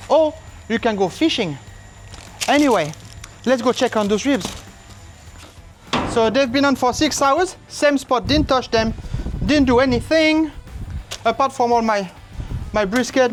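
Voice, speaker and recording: A barbecue cook hosting a casual cooking demonstration, explaining each step in a relaxed way and breaking into silly asides and sing-song exclamations. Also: mid-range voice, a little hiss or hum. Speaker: barbecue cook and channel host. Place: outdoors at a large smoker.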